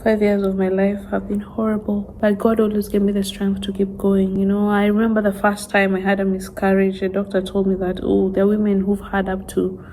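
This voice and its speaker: A woman vlogger speaking in a soft, halting way, holding back tears as she opens up to her viewers in a confessional vlog. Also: mid-range voice, completely flat delivery, a little hiss or hum, rough recording. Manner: halting, soft-spoken, tearful.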